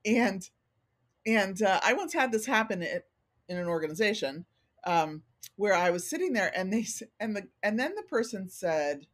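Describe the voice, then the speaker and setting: A woman's voice: mid-range voice, normal speed. A middle-aged woman consultant speaking candidly as a guest in a casual interview, acting out what people say to her. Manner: candid, animated, acts out quoted remarks. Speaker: organizational consultant, podcast guest.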